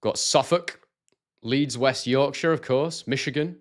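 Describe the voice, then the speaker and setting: A man's voice: medium pitch, a little slow. Chatty British man with a London-like accent. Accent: southern English, London-like. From Scotland. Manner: chatty, reads out chat messages, excitable. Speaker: live stream host, boxing analyst. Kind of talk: casual live-stream commentary.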